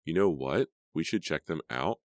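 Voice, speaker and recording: A male audiobook reader voicing a determined teenage girl who speaks glumly and insistently, close to his own deep voice. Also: lively intonation, normal speed, a little mellow, no echo. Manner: insistent, glum.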